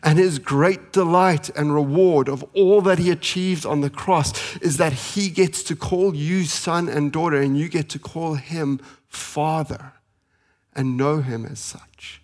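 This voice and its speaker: A man in his thirties preaching a sermon as pastor, earnest and pleading, slowing for emphasis and speeding through family stories. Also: fairly high pitch, fairly even intonation. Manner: earnest, pleading, with slow emphatic pauses and fast anecdotes.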